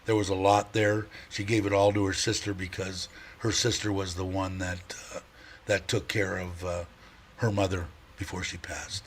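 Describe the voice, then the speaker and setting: A man's voice: deep voice, little pitch movement, normal speed, a little hiss or hum. A middle-aged man hosting a casual livestream, rambling and chatty, laughing often and stopping to restart his sentences. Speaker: livestream host.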